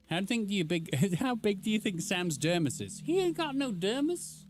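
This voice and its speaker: A man streaming a game playthrough, talking casually in a joking, excitable way. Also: high voice, moderate pace, hardly any pauses, a little hiss or hum. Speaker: gaming streamer. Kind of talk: casual let's play commentary.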